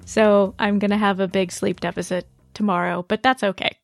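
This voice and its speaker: A woman hosting a casual podcast chat, talking in a measured, candid way. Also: medium pitch, flat delivery, creaky, no echo, studio quality, soft background music. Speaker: podcast host.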